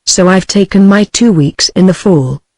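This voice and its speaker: A woman's voice: lowish voice, moderate pace, a little mellow, dry recording. A synthetic woman's voice with a British English accent, reading the lines of an evasive young male store clerk. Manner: hesitant, evasive.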